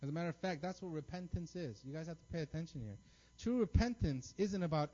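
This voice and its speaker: A man's voice: on the high side, fast talker. A man in his thirties preaching a sermon, telling stories with lots of energy and checking in with the crowd by asking "right?". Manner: animated storytelling, frequent "right?" tags. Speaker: pastor. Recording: dull lo-fi recording.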